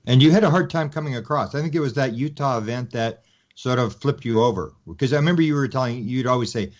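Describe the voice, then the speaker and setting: A man's voice: medium pitch, fast talker. A man hosting a radio interview, prompting his guest with loosely phrased questions. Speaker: radio show host. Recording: dull lo-fi radio audio.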